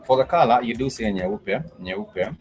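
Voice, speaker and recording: A man teaching a language lesson online, patiently repeating each phrase slowly so learners can follow. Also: mid-range voice, soft background music, poor audio. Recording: steady background noise.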